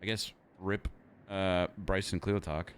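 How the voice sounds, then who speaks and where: A man's voice: sits low, steady tone, measured pace, a little hiss or hum. A man streaming, rambling casually with lots of fillers and restarts into an XLR mic at his home setup.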